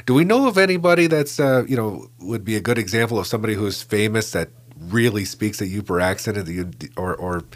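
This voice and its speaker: Lowish-voiced male host, rambling questions. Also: lively intonation, brisk, few pauses. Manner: rambling questions full of "you know". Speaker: interview host. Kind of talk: conversational interview.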